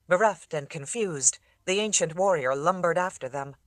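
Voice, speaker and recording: An audiobook narrator reading fantasy fiction in a steady, measured way on a close mic. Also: mid-range voice, dry recording.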